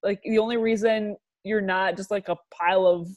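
A woman co-hosting a podcast, chatting casually and ranting in an animated, worked-up way. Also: medium pitch, moderate pace, lo-fi sound. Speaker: podcast co-host. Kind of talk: casual chat.

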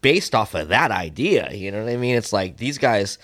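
Profane, animated middle-aged fishing man. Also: fairly low pitch, moderate pace. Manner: profane, storytelling, animated when reenacting. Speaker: podcast guest, swimbait angler. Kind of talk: casual podcast chat.

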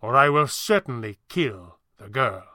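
A man voicing a smug, ruthless male crime boss who threatens in a calm, measured way. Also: medium pitch, dry recording, studio quality. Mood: menacing.

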